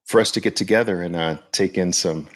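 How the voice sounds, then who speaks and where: Talking a little fast in a low, gravelly voice, a podcast host chats loosely on a casual livestream, speaking straight to his viewers.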